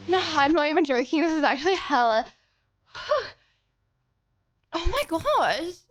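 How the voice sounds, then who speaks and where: A woman streamer chatting casually to her live audience, playfully bossy and full of quick asides. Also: high-pitched, animated, dry recording.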